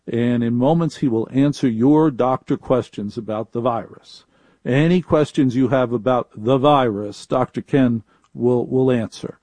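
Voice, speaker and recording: A man hosting a live call-in talk radio show, talking in a chatty, wry way. His voice is mellow and warm, recorded close and dry with no room sound. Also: medium pitch, dry recording. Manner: chatty, wry, repeats phone numbers. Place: home studio in a laundry room.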